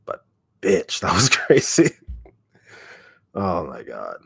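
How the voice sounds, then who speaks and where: A man with a deep, raspy voice, telling a rambling story full of fillers and swearing as an ASMR YouTuber chatting casually on a livestream. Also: wildly swooping pitch, slow pace, fairly bright tone, no echo.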